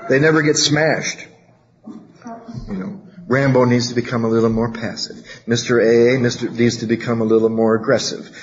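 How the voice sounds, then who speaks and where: Man, recovery workshop talk, storytelling, acts out voices, mid pitch, muffled recording. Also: normal speed. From California. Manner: animated storytelling, acting out quoted voices. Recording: dull low-fidelity recording, faint hiss.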